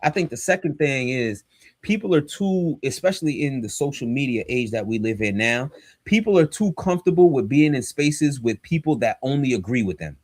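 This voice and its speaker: A man's voice: medium pitch, lively intonation, normal speed, a little mellow, no room sound, studio quality. A man, a pastor and podcast co-host, talking in a casual but preachy, emphatic and slangy way. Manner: emphatic and fired up, slangy and direct.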